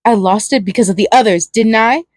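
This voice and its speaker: A woman reads aloud as a volatile male killer clown from a fan fiction story, stammering, clinging and pleading before sliding into manic giggles, in an unhinged, clingy mood. Her voice is fairly high, brisk, a little mellow and close to her everyday voice, recorded close-up and dry.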